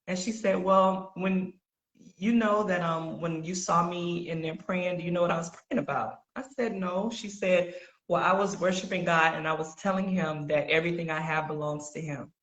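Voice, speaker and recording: A woman tells a faith story in a relaxed, conversational way. Her tone is bright and forceful, and she acts out the people she quotes as she goes. The room around her is echoey. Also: lowish voice, normal speed. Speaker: podcast guest sharing testimony.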